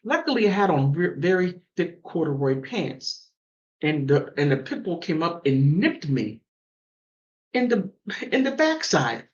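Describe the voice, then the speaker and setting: A woman from the mountains hosting a call-in show and telling stories in a casual, animated way. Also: unhurried, dull audio. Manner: animated storytelling with big pitch swings. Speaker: host. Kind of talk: casual chat.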